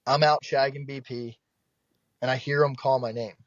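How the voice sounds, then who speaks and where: A young man from South Jersey, a baseball pitcher guest, telling stories in a lively, profane way and acting out quoted voices. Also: normal speed, no echo. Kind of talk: casual storytelling. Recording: dull dry podcast mic.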